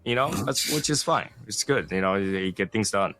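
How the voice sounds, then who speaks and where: Bright-voiced man telling animated stories. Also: lowish voice, moderate pace. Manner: animated storytelling, acts out scenes. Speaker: podcast co-host. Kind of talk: casual chat.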